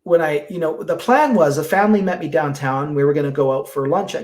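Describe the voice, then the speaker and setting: Expressive middle-aged man, higher voice. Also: brisk. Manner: very expressive, animated storytelling with acted quotes. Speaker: podcast guest. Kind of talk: casual storytelling interview.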